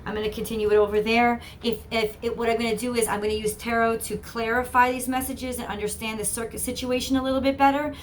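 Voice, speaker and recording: A woman's voice: fairly high pitch, level tone, quick pace, hardly any pauses, slight background noise. A woman giving an earnest, encouraging channeled tarot reading, often repeating herself. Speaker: tarot reader.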